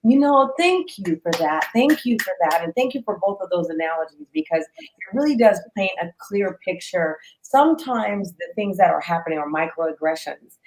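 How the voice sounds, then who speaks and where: A woman's voice: deep voice, poor audio. A woman hosting an interview, speaking in a thoughtful, appreciative way. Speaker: host.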